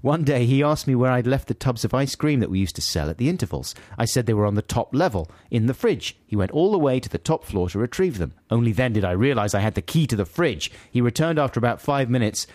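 A man co-hosts a relaxed chat, reading out listener messages. His voice rises and falls a lot, and he slips into silly voices for the quotes. The sound is close and dry. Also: medium pitch, fast, hardly any pauses, dry recording. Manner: animated, laughing, puts on voices for quoted lines. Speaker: podcast co-host.

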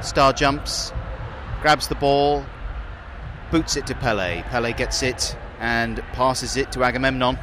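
A man hosting a comedy radio show, doing mock football commentary that builds into shouty excitement. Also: mid-range voice, unhurried, background noise.

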